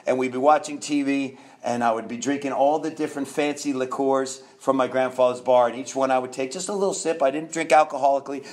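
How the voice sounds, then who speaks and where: A man's voice: mid-range voice, fairly even intonation, fast, hardly any pauses. A man in his fifties from New York, a guest telling his own story candidly, rambling with restarts and laughs.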